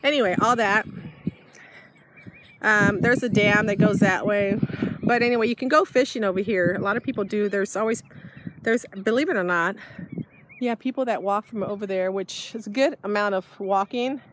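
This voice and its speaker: A woman's voice: mid-range voice, normal speed. A woman vlogging casually as she walks her dog outdoors, slightly out of breath, rambling and laughing often. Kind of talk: casual vlog chat while walking. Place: outdoors by a bay, windy. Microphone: handheld device held while walking. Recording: loud wind and outdoor noise. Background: wind, birds, dog.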